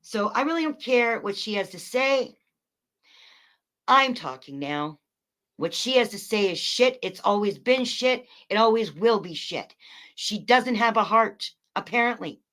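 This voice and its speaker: A woman livestreaming, ranting at her chat in a profane, mocking way, swinging between loud outbursts and quiet remarks. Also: mid-range voice, animated, a little slow. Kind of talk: angry livestream rant to chat.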